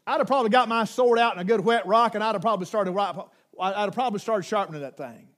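Very high-voiced male preacher. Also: fast. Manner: dramatic storytelling, swings from loud to hushed; folksy, emphatic repetition. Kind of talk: sermon.

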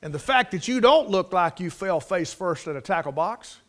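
A man's voice: sits high, lively intonation, normal speed. A man preaching a sermon, folksy and repetitive, rising to emphatic bursts. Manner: rises to emphatic, loud bursts.

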